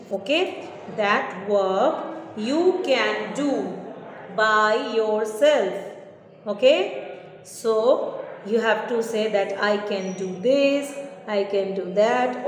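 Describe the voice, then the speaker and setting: A woman teacher, giving an online lesson to young children and explaining slowly with repeated checks like "okay?". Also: a little high. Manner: slow, repetitive explaining with question tags. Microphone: online class recording. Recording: echoey room with long reverb.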